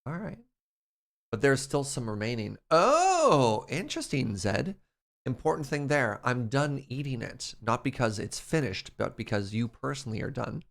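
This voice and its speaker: A man's voice: mid-range voice, sing-song, normal speed, gravelly, a bit bright. A man streaming and chatting casually, reading his chat aloud in a playful way and laughing often.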